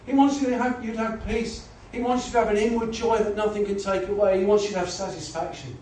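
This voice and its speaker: A man's voice: high-pitched, steady tone, fast, a little mellow. A man preaching a gospel sermon, earnest and pleading, often saying "you know". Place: church or gospel hall. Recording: echoey hall, voice from far off, faint noise.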